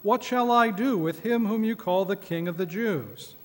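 A man reading aloud the words of a troubled Roman governor in a church service, with measured, pleading questions. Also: high-pitched, natural voice. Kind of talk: liturgical scripture reading. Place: church sanctuary. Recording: echoey church hall.

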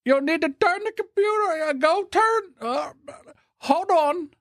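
A man doing a pushy high-voiced phone scammer. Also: animated, unhurried, a bit bright, dry recording, studio quality, full character voice. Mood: insistent.

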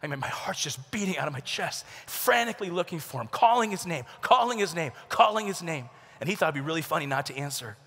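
A man giving a humorous youth conference talk, telling stories and acting out voices with sudden shouts and whispers. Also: fairly high pitch, fast, hardly any pauses. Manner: animated storytelling, acts out voices with shouts and whispers. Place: large conference arena. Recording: large hall with long reverb.

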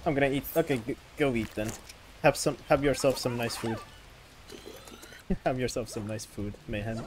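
A woman's voice: rumbling low, measured pace, pauses often, darkish tone, slight background noise. A woman streaming a game, giggly and hyper, chatting playfully with her teammates. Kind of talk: casual gaming stream chat.

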